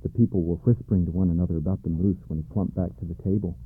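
A man calmly reading a children's storybook aloud, in a measured way, on a dry, tinny recording. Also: low-pitched, slightly rough, no echo. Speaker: narrator. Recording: dry tinny narrow-band sound.

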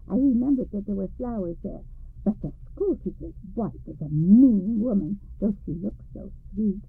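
A woman reading a storybook, voicing a doting, cheerful old farmer's wife who gushes praise at her husband. The voice is husky with some creak and sounds tinny and lo-fi. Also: medium pitch. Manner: gushing, exclamatory praise. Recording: tinny lo-fi radio recording.

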